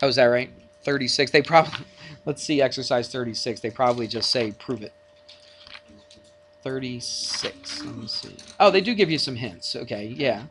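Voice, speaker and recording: A man's voice: mid-range voice, expressive, fairly quick, fairly bright tone, slight background noise. A male math teacher lecturing a class in a classroom, chatty and jokey, bantering with his students.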